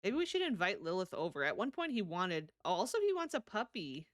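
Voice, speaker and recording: A woman's voice: mid-range voice, very animated, brisk, no room sound, studio quality. A woman streaming a life-sim game, chatting casually and laughing often as she answers her chat. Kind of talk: casual live-stream chat while playing.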